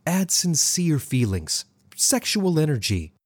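A firm woman tutor in a storybook, commanding and encouraging, her lines lifted a little higher and full of lively swings, as a narrator puts her on. The husky voice sits close and dry. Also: takes it slowly, no echo, exaggerated voice. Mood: coaching. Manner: commanding, coaching.

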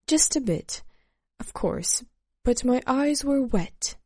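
A woman slowly narrating a first-person memoir in a measured storytelling manner. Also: sits high, lively intonation, darkish tone, no echo, clean studio sound.

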